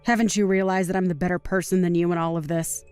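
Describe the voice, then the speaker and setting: A woman's voice: fairly low pitch, fairly even intonation, quick pace, darkish tone, smooth, dry recording, faint music behind, close to an everyday voice. A woman voicing an arrogant young female office worker who mocks and taunts others in a voiced story drama. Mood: sneering. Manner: sneering, taunting, laughs at others.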